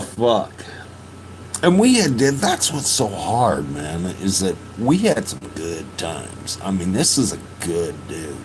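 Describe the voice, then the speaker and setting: Man, 50s, podcast host; low voice, slow, profane, halting storyteller. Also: wildly swooping pitch, a little hiss or hum, poor audio. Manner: profane, halting, with frequent restarts. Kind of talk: emotional personal storytelling.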